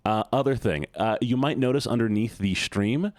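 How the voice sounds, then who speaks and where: A man's voice: medium pitch, moderate pace, a little mellow, no room sound. A man streaming live and chatting casually with his viewers, rambling and joking at his own expense. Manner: rambling, self-mocking, chatty.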